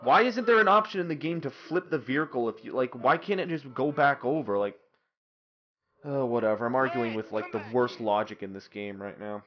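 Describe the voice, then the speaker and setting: A man's voice: medium pitch, expressive, a little fast, lo-fi sound, slight background noise. A young man swearing and ranting in exasperation as he comments on his own gameplay. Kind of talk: let's-play commentary.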